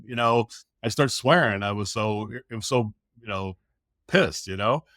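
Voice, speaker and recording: A man's voice: mid-range voice, moderate pace, no room sound, studio quality. A middle-aged man on a podcast, telling a story casually and acting out the quotes in it. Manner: animated storyteller who acts out quotes. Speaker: podcast guest.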